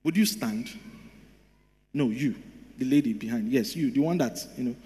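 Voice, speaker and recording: A male pastor preaching a sermon emphatically, jumping from shouted lines to low asides and laughing often. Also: normal speed. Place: church hall. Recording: long church-hall reverb.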